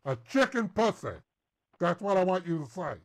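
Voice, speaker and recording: High-pitched mocking caller, crude, taunting, put on by a man. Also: sing-song, moderate pace. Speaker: scambaiter host. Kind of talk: prank call taunting.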